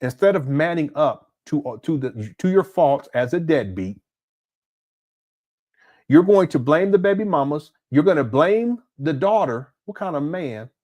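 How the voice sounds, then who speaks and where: A man's voice: fairly high pitch, big pitch swings, a little slow, a little mellow. A man hosting a reaction commentary, incredulous and indignant, laughing often. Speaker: commentary channel host.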